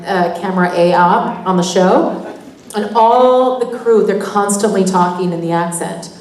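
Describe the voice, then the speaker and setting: A woman's voice: medium pitch, a little slow, a little mellow, far from the mic. Chatty Canadian-raised woman in an echoey hall. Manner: chatty, laughing, storytelling. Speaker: actor on a convention panel. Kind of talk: convention panel Q&A. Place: convention hall.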